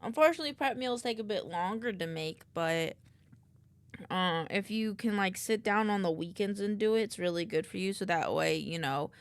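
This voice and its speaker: A woman's voice: mid-range voice, moderate pace, no room sound. A sleepy woman streamer chatting casually, reading chat aloud and yawning while she works. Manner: rambling, reads chat aloud while working, drowsy.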